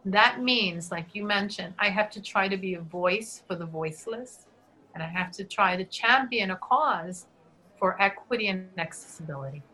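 Earnest woman teacher, bright clear tone, sprinkles in Spanish, restarts often. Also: medium pitch, moderate pace, low-quality recording. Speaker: dual language teacher. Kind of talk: reflective interview answer.

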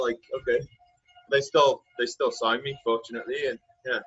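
A man's voice: mid-range voice, unhurried, pauses often, a bit bright, breathy edge. A man, hosting a casual chat and telling stories with jokey asides. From Wales. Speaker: podcast host, pro cyclist. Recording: dull lo-fi sound, faint music.

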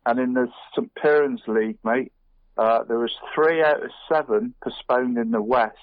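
A Cornish podcast co-host, middle-aged, has a mid-range voice and talks at normal speed, with no echo on the dull, dry recording. His casual chat is relentlessly chatty, and he says "mate" in almost every sentence.

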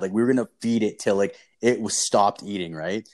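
A young man with a fairly low voice tells a story in relaxed, casual chat. He rambles and swears freely and leans hard on fillers. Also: a little fast, few pauses. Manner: rambling, profane, full of fillers.

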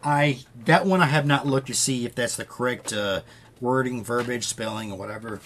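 A man's voice: medium pitch, normal speed, fairly bright tone, a little hiss or hum. A man hosting a podcast, casually retelling a story with loose quoted dialogue and frequent swearing. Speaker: podcast host.

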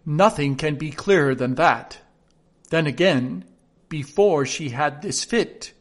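A man's voice: fairly high pitch, slow pace. A man reading a storybook aloud, voicing a pompous, fussy playing-card king.

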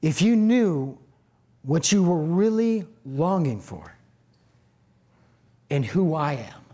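A preacher voicing Jesus as a gentle, loving teacher, soft, measured and reassuring. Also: mid-range voice, big pitch swings, pitched below the performer's own voice.

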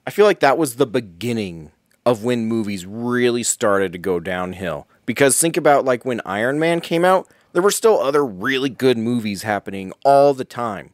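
A man in casual comedic chat, talking at a middle pitch and reading numbers in an easy conversational way. His voice sounds dry and close to the mic. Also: lively intonation, moderate pace, no echo. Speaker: podcast co-host.

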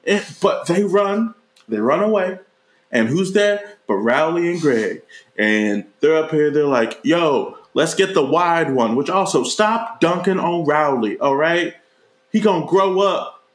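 Animated man in a roomy room. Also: unhurried. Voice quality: animated, jumps into high mocking voices for quoted characters. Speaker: podcast co-host reviewing a movie. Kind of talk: casual profane chat. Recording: roomy echo.

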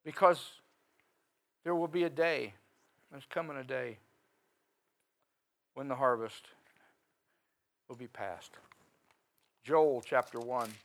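Male pastor, mid-pitched, chatty sermon delivery that bursts loud for emphasis. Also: slow, long pauses, poor audio. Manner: folksy, conversational preaching with sudden loud rises. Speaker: preacher.

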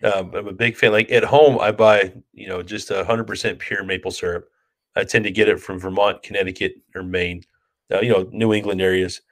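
An easygoing man with a somewhat low voice tells stories on a podcast in a loose, rambling way. His delivery is casual and unhurried. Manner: relaxed, chatty, laughs while telling stories. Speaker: podcast co-host. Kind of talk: casual storytelling chat.

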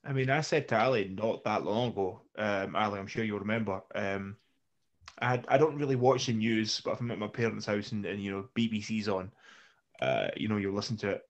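A man's voice: lowish voice, a little fast. A man on a casual podcast, talking animatedly, swearing and acting out mocking retellings.

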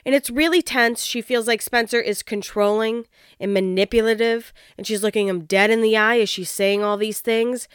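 A woman's voice: on the high side, fairly even intonation, normal speed, clean tone, no room sound, studio quality. A woman casually recapping a reality show, blunt and opinionated, swearing and laughing as she talks.

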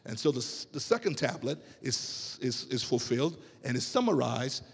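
Man, preacher, gravelly voice, emphatic rhetorical sermon, long church-hall reverb. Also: mid-range voice, very animated. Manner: emphatic, drawn-out phrases and rhetorical questions to the congregation. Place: church sanctuary.

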